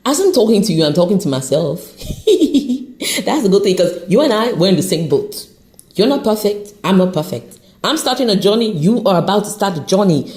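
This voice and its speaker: A woman hosting an unscripted motivational podcast, talking off the cuff in an encouraging, animated way, with an accent she says shifts as she goes. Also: mid-range voice, fairly quick. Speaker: podcast host.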